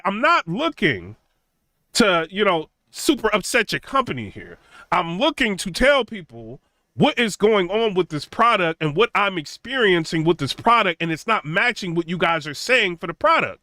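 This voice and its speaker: A young man tells an animated story in a high, bright voice that keeps asking "right?" and "you know?". He talks casually with lots of fillers, and the sound is dry and close. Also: normal speed, no room sound. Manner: acts out quotes of others in a raised, mocking pitch. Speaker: tech channel host.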